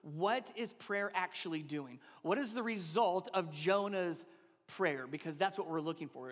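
A man's voice: high-pitched, long reverb tail. A man in his thirties preaching a sermon as a pastor, talking conversationally and asking his listeners rhetorical questions.

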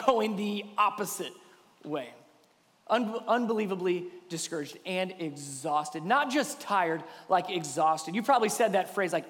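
Pastor, male, high voice; preaches with big dynamic swings, loud to hushed, in a church hall with long reverb. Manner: swings from loud emphatic peaks to hushed near-whispers. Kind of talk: sermon.

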